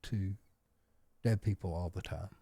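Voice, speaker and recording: A man's voice: low-pitched, unhurried, vocal fry, mellow, husky, no room sound, studio quality. A man co-hosting a podcast who chats casually, stumbling and repeating words as he gets started. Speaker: podcast co-host. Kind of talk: casual chat.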